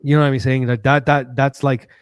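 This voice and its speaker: A man hosting his own livestream, talking in a rambling, animated way, full of fillers and restarts. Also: mid-range voice, brisk, clean tone, no echo, studio quality. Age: adult with a daughter. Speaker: livestream host. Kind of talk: casual livestream monologue.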